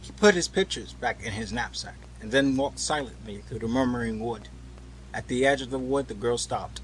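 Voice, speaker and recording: A man narrating a storybook tale in a measured, unhurried way. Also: medium pitch, slight background noise, low-quality recording.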